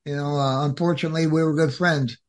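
A man's voice: fairly high pitch, quick pace. A man hosting a talk radio show, chatting casually with lots of fillers. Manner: relaxed, filler-heavy. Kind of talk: casual chat.

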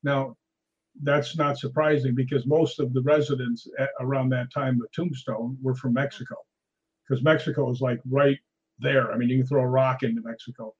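A man, a guest ghost hunter, telling animated stories in a casual conversation. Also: mid-range voice, moderate pace, husky, lo-fi sound. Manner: animated anecdotal storyteller.

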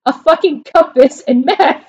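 A woman's voice: sits high, measured pace, a little mellow. A woman co-hosting a casual veterans' podcast, telling stories with lots of swearing and laughter. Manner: profane, laughing storyteller. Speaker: podcast co-host, Marine veteran. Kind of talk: casual chat. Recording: dull lo-fi sound.

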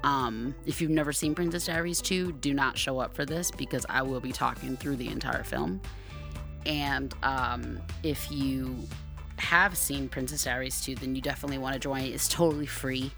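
A young woman hosting her podcast in casual solo talk, chatty and playful, now and then loud and excited. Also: rumbling low, creaky. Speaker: podcast host.

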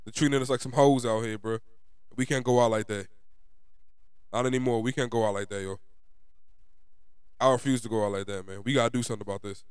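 A man's voice: mid-range voice, steady tone, quick pace, pauses often, clean tone, dry recording, clean studio sound. A young man from New York with a New York accent, ranting in a frustrated, profane, emphatic way as a sports fan vlogger.

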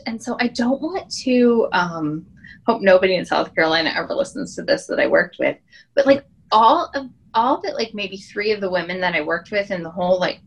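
A woman's voice: mid-range voice, animated, brisk, poor audio. A woman in her thirties from Wyoming, telling stories in a casual podcast chat with lots of "like" and "um.". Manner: chatty storyteller, many "like" and "um" fillers. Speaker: podcast guest.

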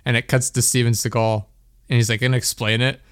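A man's voice: medium pitch, little pitch movement, fast talker, a bit bright, smooth, no room sound, clean studio sound. A young man hosting a podcast, telling a story in a rambling, laughing way, full of "like". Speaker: podcast host. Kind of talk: casual chat.

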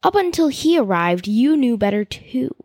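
A woman's voice: a little high, very animated, a little mellow, dry recording. A woman reading as a cautious village man. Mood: careful. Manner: careful, measured. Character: cautious male village leader.

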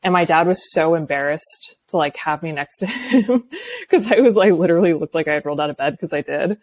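Low-voiced laughing woman guest. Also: expressive, brisk. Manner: laughs often, candid and loose. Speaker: podcast guest. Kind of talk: casual chat.

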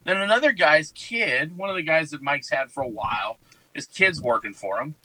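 A man's voice: on the high side, normal speed, poor audio. A man chatting casually, telling stories and acting out what people said to him. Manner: storytelling, animated quotes. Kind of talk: casual podcast chat.

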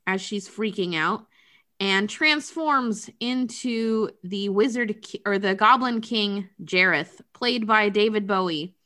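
A woman podcast host retelling a movie plot in casual, profane chat. Her voice sits at an ordinary pitch for a woman and sounds bright and forward, and she leans into the sarcasm. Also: slow pace.

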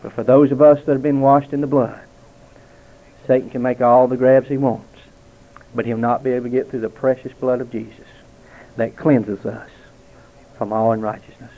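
A man in his forties preaching a dramatic testimony sermon, slowing and dropping almost to a hush for emphasis. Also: mid-range voice, flat delivery. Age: 40s. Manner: dramatic, slows and drops to near quiet for emphasis. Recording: tinny phone-like sound.

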